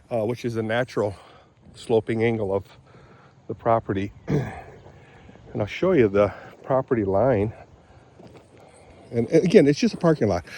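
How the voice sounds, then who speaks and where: Strolling outside on his property, a mid-range-voiced vlogger from Michigan, an older man, chats loosely for his casual vlog, drifting off on tangents and clearing his throat often.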